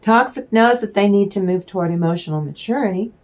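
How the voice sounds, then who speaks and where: A woman giving a casual spiritual tarot reading, rambling and affectionate, stopping now and then to clear her throat. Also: medium pitch, quick pace, darkish tone. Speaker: tarot reader.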